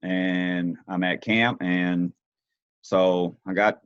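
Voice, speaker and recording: A man's voice: sits low, little pitch movement, very slow, clean tone, no room sound, muffled recording. A man, a sports official, giving an informal presentation with a rambling style and many fillers. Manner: rambling, heavy use of fillers.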